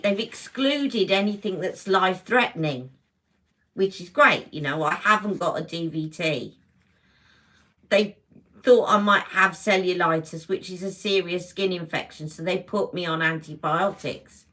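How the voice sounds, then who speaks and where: A woman hosting a casual beauty livestream, chatting warmly and greeting viewers by name as she talks. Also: medium pitch, moderate pace. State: emotional, close to tears.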